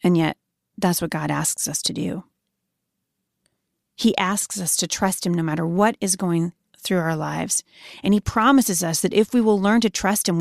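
Earnest woman with a gravelly voice. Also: fairly low pitch, dry recording, studio quality. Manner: earnest, softly emphatic, slows on scripture. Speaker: Christian speaker. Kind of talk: devotional sermon.

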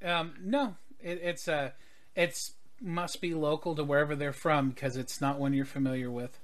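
Male game master, slightly high voice, rambling and hesitant. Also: fairly even intonation, moderate pace. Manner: rambling, hesitant, with many fillers. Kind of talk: narrating a tabletop game.

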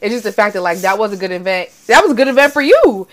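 A woman chatting casually, animated and profane, laughing often and acting out quotes. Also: mid-range voice, fast. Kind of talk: casual chat.

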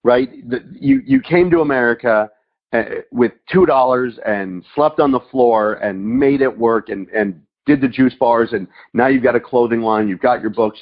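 A man's voice: medium pitch, lively intonation, moderate pace, muffled recording. A man hosting a podcast interview, asking enthusiastic, rambling questions. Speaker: podcast host.

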